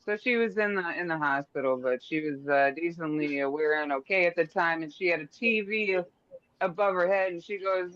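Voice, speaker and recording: A man's voice: high voice, a little fast, fairly bright tone. A man co-hosting a casual advice show, swearing freely and talking with animation. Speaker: co-host. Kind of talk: casual podcast chat. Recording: dry, dull lo-fi sound.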